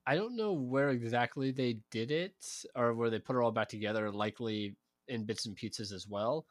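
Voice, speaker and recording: A man's voice: medium pitch, normal speed, no room sound. A man co-hosting a casual history podcast, explaining the story in a matter-of-fact, informative way. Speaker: podcast co-host telling the history.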